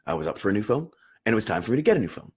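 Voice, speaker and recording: A young man talks through meditation and emotion in an earnest, emphatic way, leaning on repeated words to drive points home. His voice sits on the lower side and carries a husky, slightly breathy grain. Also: big pitch swings, very fast. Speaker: meditation teacher. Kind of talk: unscripted teaching talk on meditation.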